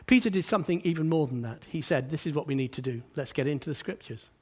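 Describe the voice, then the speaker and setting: Speaking fast in a husky voice, a preacher gives a lively sermon. He climbs to forceful high points, then sinks low and soft, frequently repeating words as each sentence begins.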